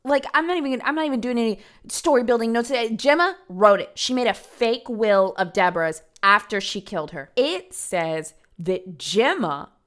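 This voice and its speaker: A young adult woman hosts a podcast, recounting a true-crime story casually and emphatically, with occasional swearing. Her fairly high-pitched voice is expressive, moving at a moderate pace with few pauses.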